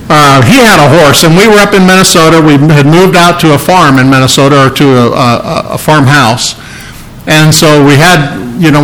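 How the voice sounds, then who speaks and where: A middle-aged male preacher giving a conversational sermon, often restarting phrases and clearing his throat. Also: a little high, fairly bright tone, low-quality recording.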